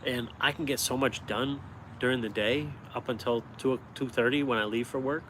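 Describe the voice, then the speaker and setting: A man's voice: mid-range voice, normal speed, slight background noise. A man from upstate New York chatting on a live stream, telling stories and often chuckling, recorded on a phone outdoors. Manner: animated storyteller, chuckles often. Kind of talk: casual live-stream chat. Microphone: phone held vertically.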